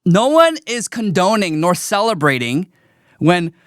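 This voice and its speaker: Lively, emphatic male livestream host. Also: high-pitched, measured pace, clear, resonant tone, dry recording, studio quality. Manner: emphatic, repetitive, scornful. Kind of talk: livestream commentary.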